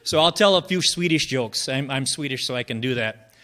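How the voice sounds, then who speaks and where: A man's voice: medium pitch, expressive, fairly quick, sharp tone. A man telling jokes at an open mic in a folksy, rambling way, chuckling at his own punchlines. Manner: folksy, rambling storytelling with fillers. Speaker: open mic joke teller.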